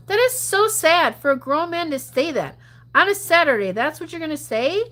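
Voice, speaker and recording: A woman's voice: high voice, sing-song, moderate pace, a bit bright. A woman chatting casually on a livestream, answering viewer comments, laughing often and dropping to mutters and whispers. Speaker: gambling livestreamer.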